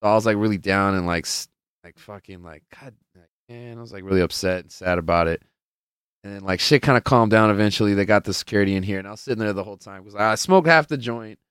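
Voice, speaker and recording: Young male podcast host, very low and smooth voice, loose and profane, rambling storyteller. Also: fast talker, fairly bright tone, no echo, clean studio sound. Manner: rambling and profane, heavy on filler words; loose storyteller who plays out the people in his stories. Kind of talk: casual chat.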